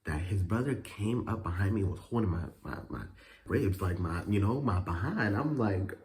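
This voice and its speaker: A man with a fairly low voice tells a story for his vlog in loose, cussing slang. His pitch swings all over as he acts out what people said, leaping into high squeaks. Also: moderate pace, slight background noise. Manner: animated, profane storytelling full of slang and fillers; acts out quotes with sudden high pitch jumps. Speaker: vlogger telling a story. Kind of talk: casual storytime.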